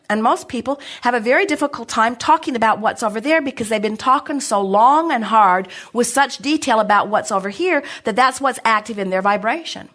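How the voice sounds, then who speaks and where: A middle-aged woman addresses a seminar audience with emphatic, animated conviction. She speaks of herself as "we" and drives each point home like a motivational teacher. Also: fairly high pitch, fairly quick, hardly any pauses. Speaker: spiritual speaker answering an audience. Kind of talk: inspirational seminar talk.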